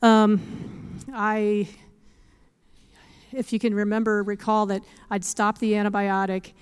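Earnest woman with a smooth voice. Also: mid-range voice, slow. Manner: earnest, animated storytelling with scripture quotes; laughs often. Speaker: speaker giving a faith testimony. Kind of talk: testimony talk.

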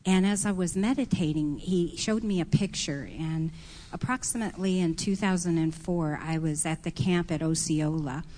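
A woman on a church panel calmly telling a story in a thoughtful, unhurried way. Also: fairly low pitch, a little hiss or hum. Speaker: panelist, prophetic minister. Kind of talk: reflective storytelling.

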